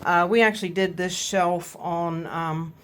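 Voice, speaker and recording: A middle-aged woman with a Southern US accent talks through her shelves indoors at home, recorded on a handheld phone. Her voice sits a little low, and she rambles in an easy, chatty way, full of fillers and restarts. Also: fairly even intonation, measured pace, slight background noise. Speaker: orchid vlogger. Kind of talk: casual walkthrough of her plants.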